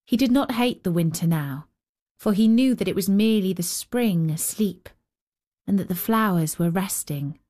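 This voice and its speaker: A woman hosting a storytelling show, reading a children's story in a slow, expressive narration. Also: mid-range voice. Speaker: storyteller host. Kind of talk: scripted narration.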